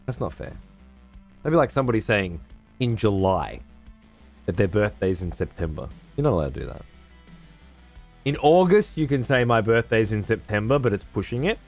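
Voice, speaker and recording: A man's voice: on the low side, very animated, normal speed, long pauses, a little mellow, soft background music. A man hosting a livestream from his room at home, chatting casually with viewers in profane, sarcastic banter. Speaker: livestream host.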